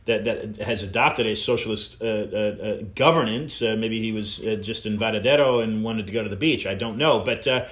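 A man's voice: on the low side, moderate pace, few pauses, fairly bright tone, roomy sound. A man hosting an interview show, speaking hesitantly with many filler words. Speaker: show host.

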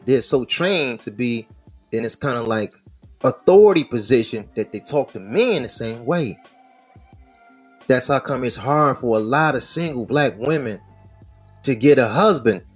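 A man's voice: mid-range voice, breathy edge. A man hosting a podcast, talking through the news in casual, slangy, profane commentary. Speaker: podcast host.

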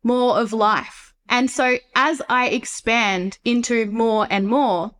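Earnest woman guest, raised pitch. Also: steady tone, takes it slowly, fairly bright tone. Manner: earnest and reflective, quotes her inner voice. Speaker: podcast guest. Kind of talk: casual interview chat.

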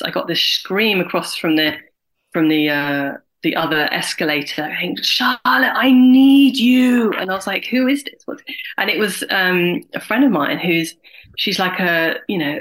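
Bright-voiced woman in her forties. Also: on the low side, poor audio. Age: 40s. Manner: animated, acts out other people's lines in quick voices. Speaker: guest, carer and writer. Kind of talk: candid conversational interview.

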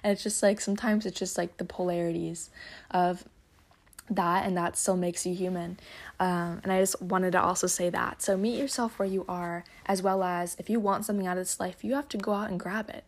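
Low, flat-voiced young woman musing aloud. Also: fairly quick. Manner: rambling, thoughtful, with fillers and self-corrections. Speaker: podcast host reading a book. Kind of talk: casual reflective reading and chat.

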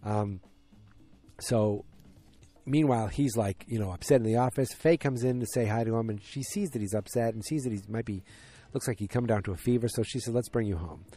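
A man's voice: medium pitch, a little fast, warm tone, soft background music. A man casually recapping a TV episode, rambling with many fillers and restarts, and speeding up at the tense parts. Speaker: TV show recapper.

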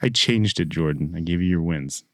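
A man's voice: low voice, animated, moderate pace, a bit bright, dry recording, clean studio sound. A man co-hosting a podcast, mocking his friends and often dropping to a mutter in casual banter. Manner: mocking, laughing, drops to a mutter. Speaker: podcast co-host.

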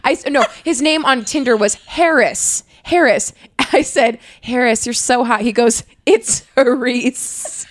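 A woman's voice: high voice, animated, a little slow, few pauses, slight background noise. A woman in her twenties co-hosting a podcast, telling a bawdy story with lots of laughter. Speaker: podcast co-host. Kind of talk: casual comedic chat.

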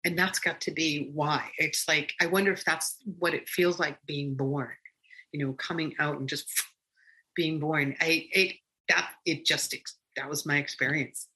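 A woman guest recounting a personal experience in conversation, animated and rambling with frequent restarts. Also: low voice, unhurried, poor audio.

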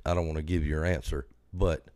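A man's voice: a bass voice, little pitch movement, a little fast, darkish tone, dry recording, clean studio sound. A man hosting a podcast, asking a guest long, earnest questions in a casual way. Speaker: podcast host. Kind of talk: casual interview.

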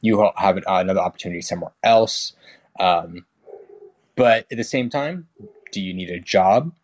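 A man's voice: low voice, moderate pace. A young man in casual conversation, rambling with restarts and fillers, frank and swearing casually. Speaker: guest.

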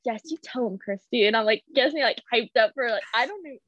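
A woman's voice: a little high, expressive, fairly quick, a bit bright, no room sound. A young woman, an Olympic gymnast, chatting casually as a guest and acting out the reactions she quotes, with frequent "like" fillers. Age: young adult. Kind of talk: casual storytelling chat. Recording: dull, dry lo-fi audio.

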